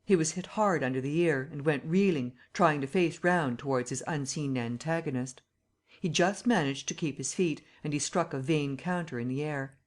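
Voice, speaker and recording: Audiobook narrator, steady even reading, classic novel, mid pitch. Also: normal speed.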